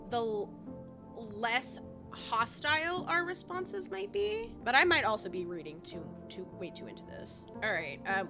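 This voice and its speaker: A woman giving gameplay commentary as a streamer, animated, swearing and thinking out loud. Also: mid-range voice. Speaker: gaming streamer.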